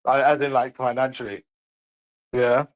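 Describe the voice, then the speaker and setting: A man's voice: medium pitch, little pitch movement, moderate pace, highs cut off. A man with a London accent chatting casually to viewers on a livestream, blunt and mocking, swearing often.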